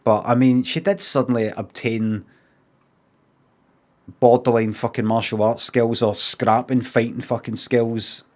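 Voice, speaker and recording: A man's voice: mid-range voice, fairly even intonation. Sweary Scottish man ranting. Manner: swears freely, acts out both sides of arguments in quick asides. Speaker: streamer. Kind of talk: casual storytelling rant.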